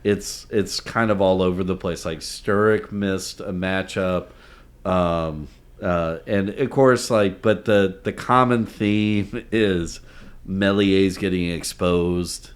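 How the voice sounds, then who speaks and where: A man's voice: sits low, fairly even intonation, takes it slowly. A man co-hosting a sports podcast, talking in a rambling casual way that trails off and restarts. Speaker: podcast co-host.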